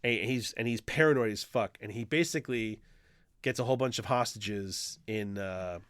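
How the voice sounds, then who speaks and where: A man's voice: fairly low pitch, moderate pace, fairly bright tone, smooth, no echo, studio quality. A man co-hosting a podcast in casual chat, animatedly retelling a comic plot, swearing freely and acting out quotes. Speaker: podcast co-host.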